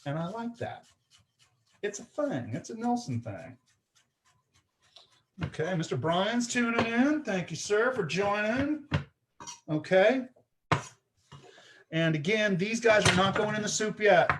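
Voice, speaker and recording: A man hosts a live cooking stream from his home kitchen. He talks in a loose, chatty way, explaining each step as he goes and tagging his sentences with quick check-ins. His voice sits a little high for a man. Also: lively intonation, noisy background. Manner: chatty, explains step by step, often asks "right?" and "okay?". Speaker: cooking show host.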